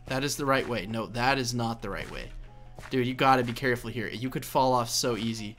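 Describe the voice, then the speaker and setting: A young man chats through his gameplay in a rambling, self-mocking way, pleading with the game's characters and laughing at his own mistakes. His voice sits at an ordinary middle pitch, with faint music playing behind him. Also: brisk, fairly bright tone. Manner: chatty, rambling, laughs at himself, coaxes in-game characters. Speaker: let's play host. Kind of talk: casual gameplay commentary.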